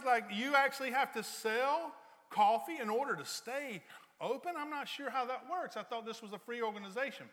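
A man's voice: extremely high pitch, normal speed, fairly bright tone, long reverb tail. A man preaching a conversational sermon as a pastor, telling everyday stories with playful sarcasm. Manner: joking storyteller, playful sarcasm.

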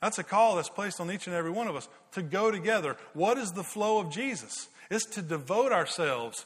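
A middle-aged man preaching a sermon, telling lively anecdotes and repeating words as he goes. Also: high-pitched, brisk, hardly any pauses, husky. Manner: lively anecdotes, repeats words, giggles at his own stories. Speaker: pastor. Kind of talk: sermon with storytelling. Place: large church worship hall. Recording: long reverb of a large hall.

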